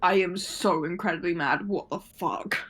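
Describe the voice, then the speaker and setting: A woman playing in an online tabletop game, talking loudly and swearing freely in casual chat. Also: lowish voice, moderate pace, husky. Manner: loud, swearing, exasperated and animated. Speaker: player.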